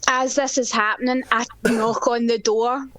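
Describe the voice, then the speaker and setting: A woman's voice: on the high side, flat delivery, measured pace, a bit bright. A woman playing a tabletop game, describing her character's actions in a playful, casual way. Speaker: player.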